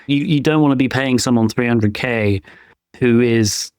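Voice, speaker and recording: A man's voice: mid-range voice, normal speed, a little mellow, smooth, no echo, clean studio sound. A man co-hosting a podcast in casual chat, giving his opinions as he thinks them through. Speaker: podcast co-host; penetration tester.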